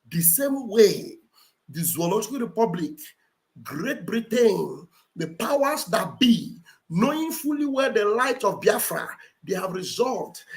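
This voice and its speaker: A man's voice: sits high, fairly bright tone. A man hosting a livestream, giving impassioned, preachy commentary in an emphatic, repetitive way. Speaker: livestream host and political commentator. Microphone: computer mic on a live stream.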